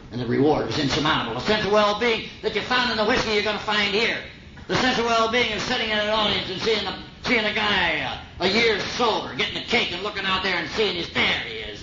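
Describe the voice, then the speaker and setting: A man's voice: sits high, gravelly. A middle-aged man giving a folksy, earnest talk at a recovery meeting, on an old recording. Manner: folksy, earnest storytelling with slang. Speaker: AA speaker sharing his story. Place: meeting hall. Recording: old 1950s tape, roomy and muffled with hiss.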